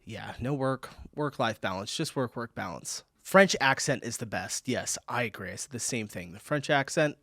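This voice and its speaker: A man's voice: medium pitch, fairly bright tone, dry recording, clean studio sound. A man from California hosting a reaction video, chatting casually, laughing and reading viewer comments aloud. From California, USA.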